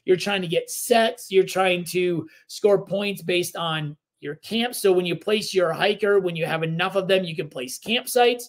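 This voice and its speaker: Man, fairly high pitch, casual board game co-host, easygoing rambly explainer. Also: a little slow, few pauses. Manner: relaxed, rambling explanations with fillers. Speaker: podcast co-host.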